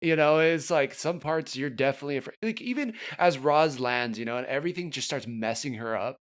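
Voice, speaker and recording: A man's voice: fairly high pitch, fairly quick. A man co-hosting a podcast, chatting casually and reviewing a film in a laid-back, loose way. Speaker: podcast co-host.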